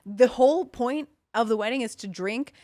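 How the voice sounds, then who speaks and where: A woman's voice: a little high, moderate pace, warm tone, no echo. A woman co-hosting a comedy podcast, blunt and teasing, who swears casually while telling stories. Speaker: podcast co-host.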